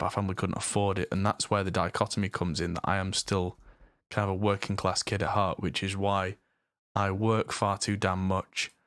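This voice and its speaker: Brief: English-accented man, northern roots, low-leaning voice, rambling live-stream chat, dead dry sound. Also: a bit bright, clean tone, dry recording. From north of England. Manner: rambling, chatty, self-deprecating. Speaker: mixing engineer and streamer.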